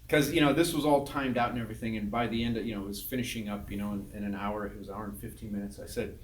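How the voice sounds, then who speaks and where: Animated male storyteller in a roomy hall. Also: mid-range voice, quick pace, hardly any pauses, noisy background. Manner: animated, acts out quotes loudly. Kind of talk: humorous storytelling talk. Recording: roomy, distant mic.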